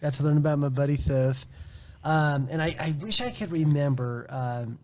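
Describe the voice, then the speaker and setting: A man's voice: a little high, moderate pace, a little hiss or hum. A man co-hosting a casual chat show indoors, rambling and joking and often laughing. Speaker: podcast co-host.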